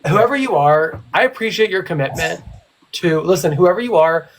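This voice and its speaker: Young guy running a live chat, kinda high voice, rambling teasing stories. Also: lively intonation, moderate pace, a little hiss or hum, poor audio. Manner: chatty storyteller, teasing. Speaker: live stream host. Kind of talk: casual chat.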